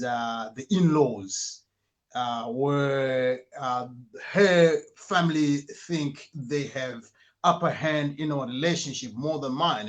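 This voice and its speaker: A man co-hosts a casual conversation, asking his question haltingly and filling pauses with "uh." His voice sits at a middle pitch. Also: fairly bright tone. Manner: halting, many fillers. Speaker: co-host. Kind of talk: casual chat.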